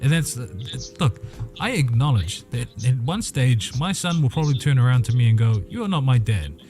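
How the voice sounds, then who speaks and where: A man in a relaxed podcast conversation, earnest and reflective, voice sitting at an ordinary middle pitch. He talks from his own life as a stepfather, with faint music underneath. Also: normal speed. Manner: earnest, reflective, speaks from personal experience. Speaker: podcast co-host. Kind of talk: casual panel discussion.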